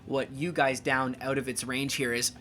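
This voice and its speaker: A man narrating as game master of a tabletop game, animated and quick to laugh, with dramatic narration. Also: mid-range voice, shouting, a little hiss or hum.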